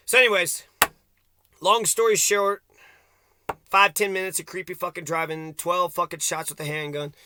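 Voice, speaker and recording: A man's voice: high-pitched, fairly even intonation, moderate pace, long pauses, bright, forceful tone. A man ranting angrily to camera outdoors, swearing constantly and rambling as he vents. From Kentucky. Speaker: vlogger. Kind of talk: angry profane rant to camera.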